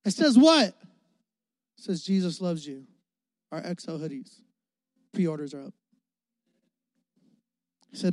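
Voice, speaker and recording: A man's voice: a little high, very animated, slow pace, pauses often, no echo. A young adult man, a youth pastor, preaching a sermon with emphatic repetition and rising and falling volume.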